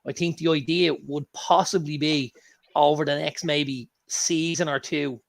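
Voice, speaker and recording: An Irish man with a slightly raised, gravelly voice, co-hosting a casual talk show. He tells anecdotes with lots of energy and swears freely. His delivery is loose and conversational. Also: a little high, fairly even intonation, unhurried. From Ireland. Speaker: co-host. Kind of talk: casual chat.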